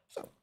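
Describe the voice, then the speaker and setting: A man with a Scottish accent, a VTuber streamer rambling casually to his chat, swearing and laughing often. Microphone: streaming microphone.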